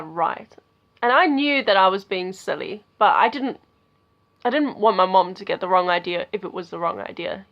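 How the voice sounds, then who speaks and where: A young woman talks straight to camera in a casual, rambling way, packing her sentences with "like" and "okay." She turns loud and giggly when a story excites her. Her voice sits in a middle range, and the recording sounds slightly muffled and lo-fi. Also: medium pitch. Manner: chatty, filler-heavy, with lots of "like" and "okay". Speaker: vlogger.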